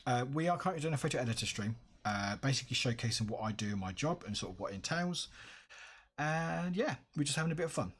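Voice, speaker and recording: A man's voice: medium pitch, lively intonation, quick pace, fairly bright tone, breathy edge. A tired man chatting casually on a live stream, upbeat and greeting his viewers by name.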